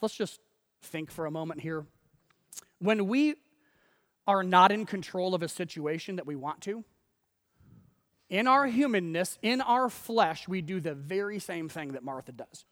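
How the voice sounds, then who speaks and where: Man, pastor, sermon, fairly high voice, animated, repeats words, long echoing hall. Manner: animated, repeats words when starting phrases.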